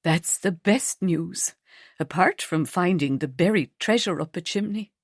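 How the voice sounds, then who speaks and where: A woman narrator voicing an older grandmother who speaks slowly, calmly and reassuringly. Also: fairly low pitch, dry recording, clean studio sound. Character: warm, wise grandmother, Sylvia.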